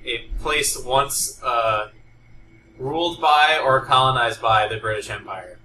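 A bright, forward-sounding man banters playfully as a podcast co-host. He sits a little back from the mic, and there is faint noise around him. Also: medium pitch, takes it slowly, reverberant, distant mic, poor audio. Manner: animated, playful, hams up a dramatic reading. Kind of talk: casual tech podcast chat.

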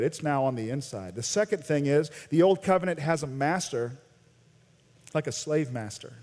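An American man preaching a sermon as a pastor, animated, swinging between loud emphasis and quiet intensity. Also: a little high, normal speed. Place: large church sanctuary. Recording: long church reverb.

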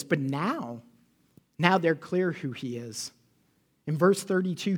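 A man's voice: on the high side, expressive, takes it slowly, long pauses, slightly rough. A man preaching a sermon as a pastor. He speaks animatedly, asks the congregation questions and acts out the quotes he reads.

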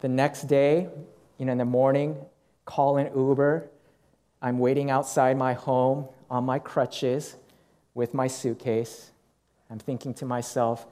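A middle-aged man preaching, telling a personal story in an animated way and acting out what people said. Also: medium pitch, measured pace. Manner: animated storytelling with acted quotes. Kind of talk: sermon storytelling.

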